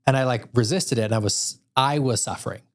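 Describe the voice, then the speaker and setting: A man from Utah hosting a podcast, telling stories in a casual, animated way. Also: mid-range voice, brisk. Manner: animated storyteller. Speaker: podcast host. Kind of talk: casual interview chat. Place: podcast studio room.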